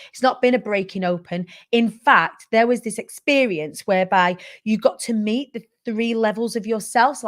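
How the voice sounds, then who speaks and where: A woman, hosting her own show and candidly telling a personal story, animated, full of "like" and "right?" and casual swearing. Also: mid-range voice. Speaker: host.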